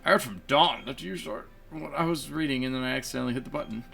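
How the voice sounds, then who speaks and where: A man's voice: medium pitch, fast, creaky, a bit bright, faint music behind. A man giving casual, chatty commentary on his own gameplay, laughing often and poking fun at himself. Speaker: let's play gamer.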